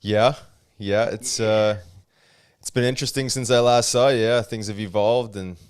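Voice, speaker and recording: A man's voice: fairly low pitch, normal speed, clear, resonant tone, dry recording, clean studio sound. A man co-hosting a hockey podcast, talking casually and upbeat with his co-host and guest. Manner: relaxed, upbeat plugging events. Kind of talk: casual chat.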